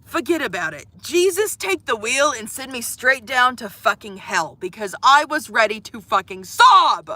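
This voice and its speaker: A woman's voice: a little high, very animated, a little slow, hardly any pauses, bright, forceful tone, no room sound. A young woman telling a comic, profane story to live viewers from inside a van, exasperated and swearing freely. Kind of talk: casual storytelling livestream.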